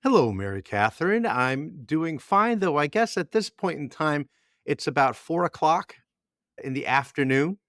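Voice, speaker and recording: A man's voice: a little high, very animated, a little slow, a bit bright, dry recording, clean studio sound. A middle-aged man co-hosting a podcast, telling a long story with many restarts and repeated words. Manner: rambling storyteller with frequent restarts. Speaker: podcast co-host. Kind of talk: casual podcast chat.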